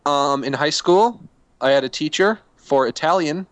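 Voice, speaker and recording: A young man co-hosting a casual podcast, reading listener emails in a blunt, halting way with casual swearing. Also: on the high side, animated, clean tone, dry recording. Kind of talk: casual chat.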